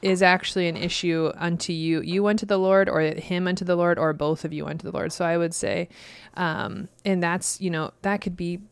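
A woman in her thirties speaks encouragingly about marriage and prayer, repeating key phrases for emphasis and laughing easily. Her voice is smooth and clear, a little low for a woman. The recording is dry and close. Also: fairly even intonation, moderate pace, few pauses, no echo. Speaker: co-host. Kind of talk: casual chat on scripture.

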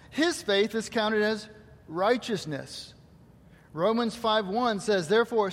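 A male pastor preaching a sermon to his congregation, asking rhetorical questions and quoting scripture. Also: high voice. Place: church hall. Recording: long hall reverb.

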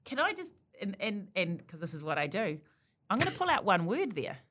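A woman's voice: medium pitch, big pitch swings, a little fast, fairly bright tone, slightly rough. A woman co-hosts a casual podcast chat in a mid-range voice. She is emphatic and probing, and she drives each point home with questions.

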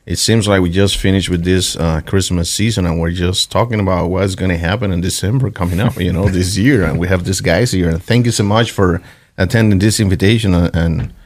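Deep-voiced pastor, thoughtful and dry. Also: male voice, fairly quick, no room sound. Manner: thoughtful, searching for words. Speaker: pastor, co-host. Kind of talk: casual talk show chat.

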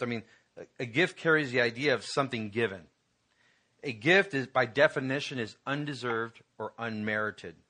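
A man's voice: mid-range voice, sharp tone. A man pastor preaching a conversational sermon to his congregation, building to emphatic peaks.

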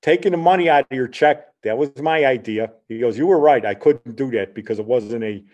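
An older man in his sixties hosts a casual chat show at a middling pitch. He tells meandering stories, chuckling as he goes and replaying old conversations line by line. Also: fairly quick, a little mellow. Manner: rambling, anecdotal, chuckling, retells dialogue with "he goes". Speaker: podcast host.

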